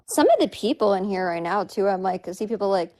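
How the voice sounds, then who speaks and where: A woman's voice: mid-range voice, expressive, quick pace, dark tone. A woman chatting on a phone live stream, giggly and gushing, filling her talk with "like". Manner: giggly, gushing, fills speech with "like". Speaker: livestream guest. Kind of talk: casual livestream chat.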